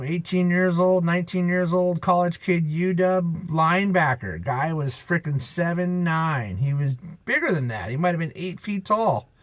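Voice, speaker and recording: A man's voice: fairly high pitch, fairly bright tone, low-quality recording. A man in a rambling, preachy monologue, emphatic and drifting off-topic, talking outdoors on a beach. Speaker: vlogger.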